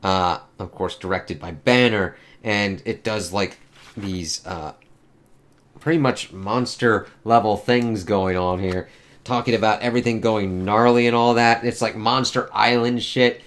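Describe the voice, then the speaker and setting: A man's voice: fairly low pitch, steady tone, measured pace, a bit bright. A man giving a casual, rambling comic book review, swearing often and filling gaps with "uh" and "like". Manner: rambling, profane, many fillers.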